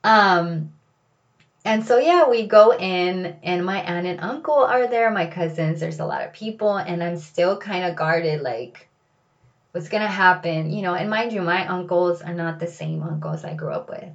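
A woman telling a personal story in a casual, animated way, with many fillers. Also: lowish voice, measured pace, highs cut off.

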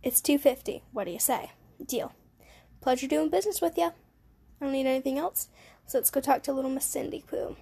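A woman's voice: high voice, fairly quick, vocal fry, warm tone. A woman casually commenting on her gameplay with wry asides. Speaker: gamer. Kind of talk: let's play commentary.

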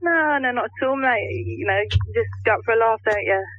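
A woman's voice: fairly high pitch, animated, a little fast. A chirpy woman from Worcester calling in to a radio show over the phone. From Worcester, England. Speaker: caller. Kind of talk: phone-in chat. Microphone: telephone. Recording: muffled phone line.

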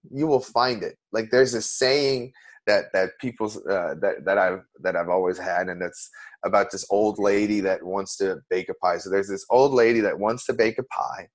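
A man, an interview guest, telling a personal story in an earnest, emotional way with many restarts. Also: fairly low pitch.

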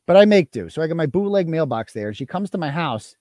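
Lively, profane male live-stream host. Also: a little high, fast talker, no echo, clean studio sound. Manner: profane, mocking, rambling. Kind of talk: casual live-stream commentary.

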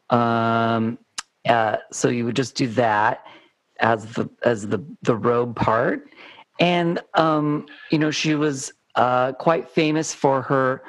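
A man's voice: medium pitch, no room sound, poor audio. A man chatting as a guest on a game segment, amused and rambling as he talks through his ideas. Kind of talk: casual chat.

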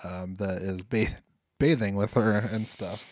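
A man's voice: fairly low pitch, steady tone, measured pace, darkish tone, no room sound, clean studio sound. A man co-hosting a podcast in casual chat, jokey and rambling, swearing now and then. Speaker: podcast co-host.

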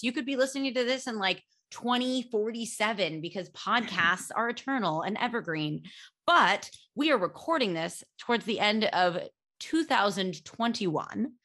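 A woman's voice: mid-range voice, a bit bright. An American woman co-hosting a podcast, chatty and self-mocking as she tells a story. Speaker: podcast co-host. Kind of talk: casual podcast chat.

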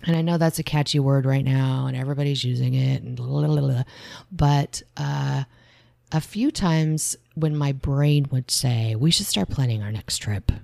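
A woman co-hosting a podcast in casual chat, chatty and quick to finish her partner's stories. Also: rumbling low, steady tone, vocal fry, dry recording. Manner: chatty, warmly teasing, jumps in to finish stories. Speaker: podcast co-host.

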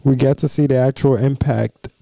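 A man's voice: medium pitch, steady tone, moderate pace, vocal fry, warm tone, no echo, studio quality. A young man from Nigeria co-hosting a podcast in casual, joking chat, rambling with fillers. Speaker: podcast co-host.

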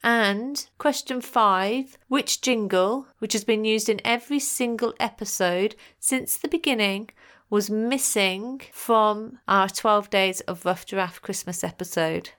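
A woman's voice: medium pitch, a little slow, fairly bright tone. A woman hosting a podcast and reading out quiz answers in a chatty, playful way with jokey asides. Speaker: podcast host.

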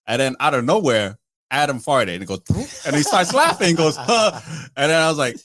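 Young male podcast host, lively pitch, swearing storyteller, dry close mic. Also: fast talker, no room sound. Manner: animated, swearing, acts out quotes. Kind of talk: casual storytelling with friends.

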